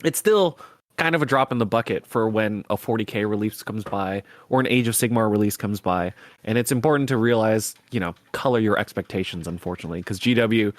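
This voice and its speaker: A man's voice: lowish voice, a little fast, no echo. A man hosting a podcast in casual chat who laughs easily and talks in long running sentences full of fillers. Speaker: podcast host.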